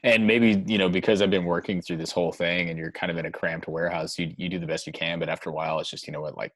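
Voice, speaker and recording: A young man talking as a guest in casual chat, halting and hedging, swearing casually. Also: low voice, steady tone, a bit bright, dry recording. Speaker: guest, musician.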